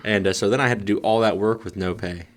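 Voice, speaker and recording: A man in his thirties, a podcast co-host telling profane, animated family stories in casual chat. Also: on the low side, fast talker. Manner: profane, animated storyteller acting out voices.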